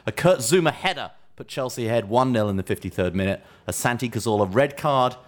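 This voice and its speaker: A man's voice: mid-range voice, lively intonation, a little fast. Playful man hosting a football podcast. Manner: playful, mock-grand delivery with frequent asides. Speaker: podcast co-host. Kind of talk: comedic football podcast chat.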